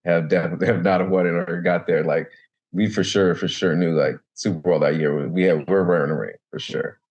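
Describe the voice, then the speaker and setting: A man's voice: sits low, normal speed. A man, a former pro football player, talking loosely as a podcast guest and repeating himself as he recalls things. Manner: loose, repeats words, animated when recalling. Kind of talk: casual podcast chat. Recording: dull lo-fi sound.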